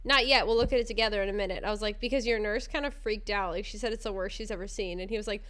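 A woman's voice: mid-range voice, fairly even intonation, rapid-fire. A young adult woman telling a funny story in casual podcast chat, laughing often and acting out the people she quotes. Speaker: podcast co-host.

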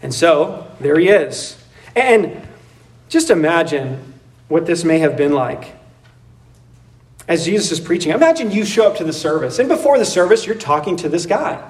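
A man preaching a sermon in a conversational, animated way, laughing and acting out voices as he goes. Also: on the high side, moderate pace, pauses often, far from the mic. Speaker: pastor. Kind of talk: expository sermon.

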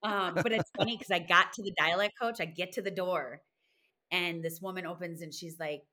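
A woman's voice: low-pitched, brisk. A woman from Wisconsin in her thirties, a guest in a casual interview, telling stories animatedly and acting out quotes. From Wisconsin, USA. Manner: animated storytelling, acts out quotes.

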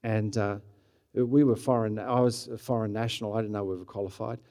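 A middle-aged Australian pastor preaches a sermon in a warm, brisk, lowish voice with fairly even intonation. His delivery is conversational and story-driven, full of restarts, with bursts where his energy rises.

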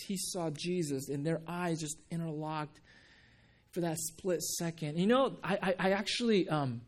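A man's voice: a little high, a little slow. A man preaching a sermon, telling the story with many restarts and acting out the quoted lines. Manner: many restarts and repeated words. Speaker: pastor.

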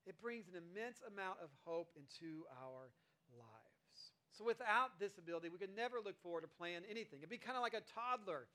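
A man in his thirties giving a sermon as a pastor, conversational and animated, often acting out quoted voices. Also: sits high, a little fast.

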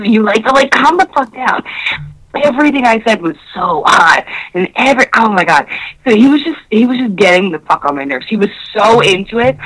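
A woman in casual podcast chat, loud and profane, retelling a date with many fillers and acting out both sides of the conversation. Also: mid-range voice, rough recording. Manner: animated storytelling that acts out both sides of a conversation.

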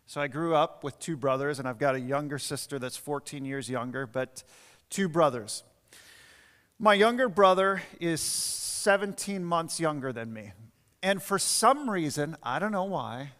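A man's voice: a little high, moderate pace. A man preaching a sermon as pastor, telling stories and then driving home his points with emphasis. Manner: storytelling preacher, shifts between quiet asides and emphatic points. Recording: long reverb of a church hall.

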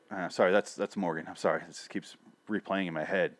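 A man's voice: sits low, steady tone, a little fast. A man hosting a casual TV review show, rambling and swearing, often stopping mid-sentence to restart. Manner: rambling, profane, self-interrupting. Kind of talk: casual solo review chat.

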